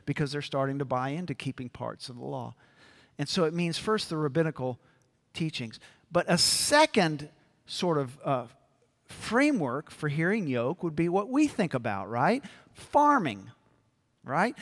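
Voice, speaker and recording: Man preaching in a reverberant hall, slow. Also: a little high, expressive. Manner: earnest, builds to emphatic peaks, checks in with the congregation. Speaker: pastor. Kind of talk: sermon. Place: church sanctuary. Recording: long reverb of a large hall.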